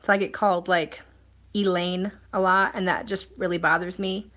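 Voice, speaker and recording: A woman's voice: lowish voice, fairly even intonation, a little fast, a bit bright. Chatty woman hosting a live stream. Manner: chatty and rambling, many fillers and restarts. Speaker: live stream host reading viewer comments. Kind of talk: casual live-stream chat.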